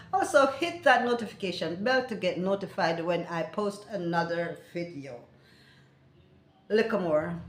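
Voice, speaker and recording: Animated older Jamaican woman, echoey room. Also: mid-range voice. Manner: animated, laughing, bursts into loud exclamations. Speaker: language teacher vlogger. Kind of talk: casual teaching vlog.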